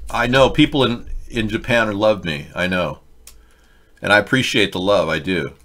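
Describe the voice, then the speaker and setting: A man's voice: on the low side, normal speed, a bit bright. A man hosting a casual political commentary livestream, reading chat with rambling, sarcastic asides.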